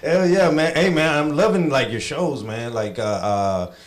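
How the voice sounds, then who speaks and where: A man's voice: medium pitch, unhurried. A man hosting a podcast in easygoing chat, chiming in often. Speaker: podcast host.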